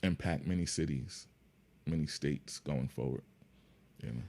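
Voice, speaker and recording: A man who is a guest on a podcast, talking in a calm, laid-back way that is full of "man" and "you know what I mean". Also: extremely low pitch, measured pace, gravelly. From Yonkers, New York. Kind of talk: casual interview chat.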